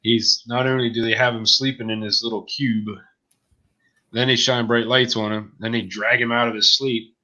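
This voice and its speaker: A man's voice: mid-range voice, flat delivery, moderate pace, bright, forceful tone, lo-fi sound. A man from Pennsylvania co-hosting a casual livestream chat, joking and laughing through his stories. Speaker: livestream co-host.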